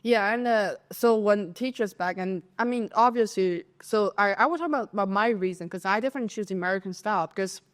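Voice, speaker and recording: A woman with a Chinese accent co-hosts a casual podcast, telling her story with animated energy. Her voice sits at an ordinary middle pitch. She slips into her classmates' voices as she goes. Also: fast talker, hardly any pauses. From China. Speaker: podcast co-host. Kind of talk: casual chat.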